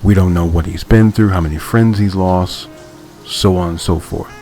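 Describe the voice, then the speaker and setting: A man's voice: sits low, fairly even intonation, normal speed, warm tone, faint music behind. A man hosting a podcast, casually breaking down a comic in a thoughtful way, with lots of fillers and restarted phrases. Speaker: podcast host. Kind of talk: casual comic-book analysis.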